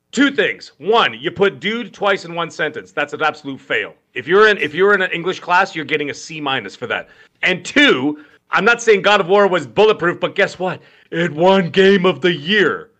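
A man in his thirties co-hosting a casual gaming podcast, animated and joking, telling stories with voiced quotes. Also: high-pitched, normal speed. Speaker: podcast co-host. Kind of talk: casual chat.

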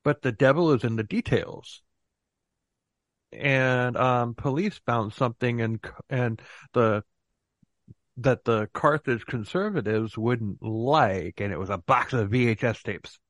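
A man's voice: medium pitch, unhurried, dry recording. A man hosting a casual podcast chat, joking sarcastically and laughing often. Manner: dry sarcastic humor, frequent laughing. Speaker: podcast host.

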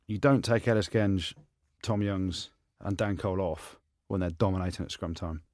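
A low-pitched man in casual podcast banter, teasing his co-hosts and shooting up in pitch when he can't believe what he hears. The sound is dry and close, with no room around it. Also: normal speed, no room sound. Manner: animated, teasing banter, rising high when incredulous. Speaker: podcast co-host, former rugby player. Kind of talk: casual chat.

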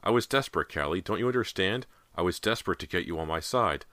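A man doing a hushed, desperate teenage girl. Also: deep voice, animated, fast talker, no room sound, voice pushed up. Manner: hushed and urgent.

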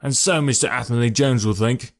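A gloomy, patient police inspector, voiced by a man. He sounds despondent, a little higher than the narrator's own voice, as in a storybook reading. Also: brisk, natural voice.

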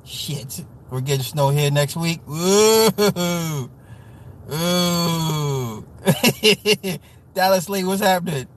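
A man from the US Midwest hosting a casual livestream, talking to chat with profane, joking, animated rants. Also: a little high, drawn-out words. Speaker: livestream host reading chat.

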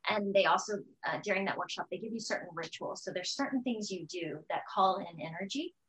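A woman's voice: mid-range voice, a little fast, poor audio. A woman guest on a podcast, speaking openly and with animation, often acting out the harsh voices in her head. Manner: open, animated, acts out her inner voices. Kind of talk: candid conversational interview.

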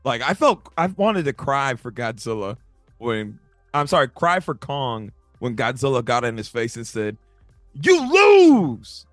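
A man co-hosting a casual movie review chat, talking in animated bursts with stammering restarts and sudden jumps between loud and soft. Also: medium pitch, normal speed, dry recording, soft background music. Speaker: podcast co-host.

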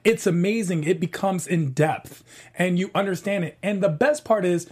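Enthusiastic high-voiced man on a panel. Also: normal speed, a little mellow, slightly rough. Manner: enthusiastic, joking. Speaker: panel guest. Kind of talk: casual TV recap chat.

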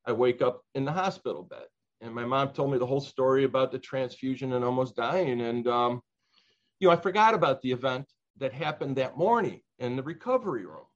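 An older man from Chicago tells his life story in an interview, earnest and reflective. He pauses and restarts often as he remembers. The recording sounds a little dull and lo-fi. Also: medium pitch, lively intonation.

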